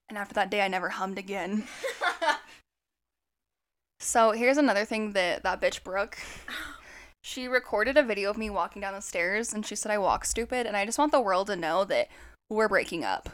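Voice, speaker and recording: A woman's voice: mid-range voice, animated, moderate pace, pauses often, a bit bright. A woman in her twenties co-hosting a podcast, telling crude, joking stories and acting out what people said. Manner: crude, joking storyteller who acts out quotes. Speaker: podcast co-host. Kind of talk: casual chat.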